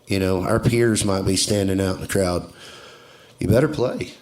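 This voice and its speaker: Relaxed man from Texas, fairly low. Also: moderate pace. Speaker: guest, country singer. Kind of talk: casual chat.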